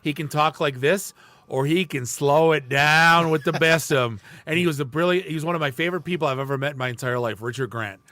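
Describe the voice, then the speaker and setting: A man co-hosting a podcast, telling stories in an animated way and swearing freely. He is from the Detroit area. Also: on the high side, fairly quick, no room sound. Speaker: podcast co-host. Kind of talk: casual chat, storytelling.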